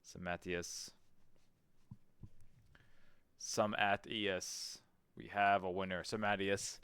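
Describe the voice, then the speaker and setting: Deep-voiced man casually playing a game. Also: little pitch movement, slow pace, long pauses, fairly bright tone, smooth. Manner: thinks aloud, reads game menus aloud, swears casually. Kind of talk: casual let's-play commentary.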